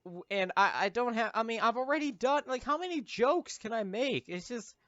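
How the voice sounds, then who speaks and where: A man's voice: extremely high pitch, expressive, normal speed, sharp tone, no echo. A man giving rambling, jokey movie-riffing commentary as a YouTuber, full of silly asides and stumbling fillers. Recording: dull lo-fi sound, dry.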